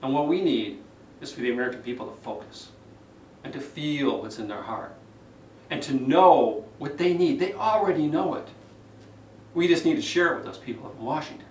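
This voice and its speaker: A man putting on a calm, measured male debate candidate, speaking softly and low-key in a roomy space from a distant mic. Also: slight background noise, natural voice.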